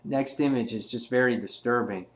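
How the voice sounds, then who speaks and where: A man reviewing a comic book in a casual video, retelling scenes excitedly with many restarts. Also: medium pitch, moderate pace.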